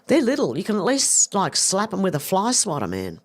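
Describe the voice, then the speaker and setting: A woman's voice: mid-range voice, huge pitch swings, moderate pace. A middle-aged Australian woman hosting a livestream, reading viewer comments aloud in a chatty, casual way with some swearing. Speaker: livestream host reading chat. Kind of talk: casual chat.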